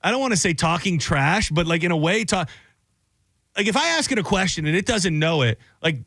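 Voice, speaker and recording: A man's voice: high-pitched, expressive, brisk, a bit bright, no room sound, clean studio sound. A man hosting a radio talk show, telling a story in a casual, rambling way. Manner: rambling storyteller, many fillers and restarts. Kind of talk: casual chat.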